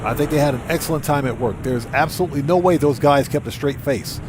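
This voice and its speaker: A man's voice: medium pitch, fast, noisy background. A man live-streaming a game, chatting casually, greeting new subscribers and reading viewers' messages aloud. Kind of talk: live gameplay commentary.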